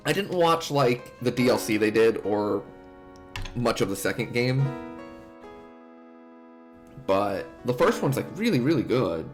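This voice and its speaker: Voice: mid-range voice, sing-song, measured pace, pauses often. A streamer chatting casually with viewers while playing a video game, rambling and chatty. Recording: game music underneath.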